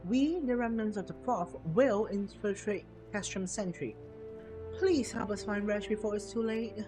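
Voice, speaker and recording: A man's voice: sits high, normal speed, natural voice. A man voicing an earnest young woman resistance soldier from a game, reading her formal, old-fashioned lines aloud with game music behind. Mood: urgent.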